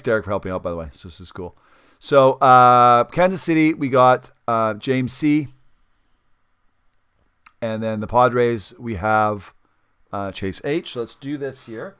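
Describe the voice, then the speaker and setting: A man's voice: mid-range voice, animated, measured pace, fairly bright tone, clean tone. A man hosting a sports card break livestream, talking casually, counting steps aloud and apologizing for slip-ups. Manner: chatty, apologetic self-corrections, counts aloud.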